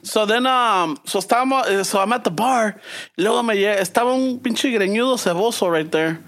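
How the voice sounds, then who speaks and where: A man's voice: high-pitched, fairly quick, fairly bright tone. A man telling a bar story in casual chat, switching between English and Spanish slang. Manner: mixes Spanish slang into English, acts out voices in his story. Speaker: podcast co-host telling a story.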